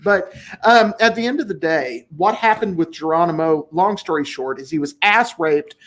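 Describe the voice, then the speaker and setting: A man's voice: fairly high pitch, moderate pace, fairly bright tone. Blunt, profane man ranting on a podcast. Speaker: podcast host. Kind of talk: casual podcast discussion.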